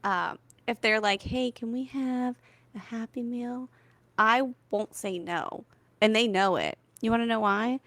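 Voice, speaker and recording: A woman in her thirties co-hosting a podcast, telling stories with lots of fillers and animated asides. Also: on the high side, a little slow, dry recording. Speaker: podcast co-host. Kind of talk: casual comedic chat.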